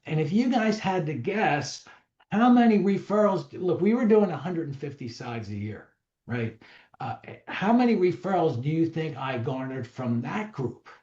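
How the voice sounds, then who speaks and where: A man's voice: fairly high pitch, big pitch swings, moderate pace, a little mellow. A man giving an emphatic, conversational seminar talk to a live audience, acting out sample dialogues as he teaches. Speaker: real estate trainer. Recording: roomy, slightly dull recording.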